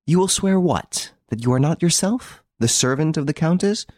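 A man's voice: a little high, lively intonation, normal speed, darkish tone, no room sound, voice pushed up. A man reading an audiobook, voicing a cool, menacing middle-aged ex-detective who speaks in a dry, hard, precise way. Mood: cold, assured.

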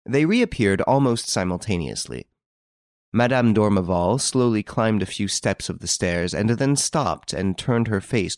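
A man narrating an audiobook in a scripted, expressive storytelling manner. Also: lowish voice, no room sound, studio quality.

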